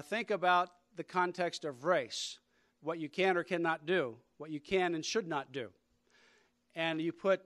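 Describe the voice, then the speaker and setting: A man with a slightly high voice delivers a conference lecture as a religious liberty lawyer. He speaks deliberately and emphatically, stressing key words and pausing often. The sound is dry and close, with no room echo. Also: a bit bright. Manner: deliberate, emphatic, with pauses and fillers.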